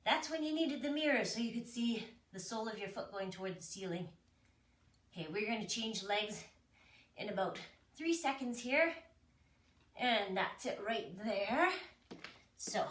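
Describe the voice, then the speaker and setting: A high-pitched woman coaching a workout, breezy and joking at her own expense as she counts down. She sounds a few steps from the mic in an echoey room, with a clear layer of noise behind her. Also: animated, moderate pace, pauses often, a bit bright, recorded from a distance. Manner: chatty, self-mocking, counts down and cues moves. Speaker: fitness instructor. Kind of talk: leading a home workout.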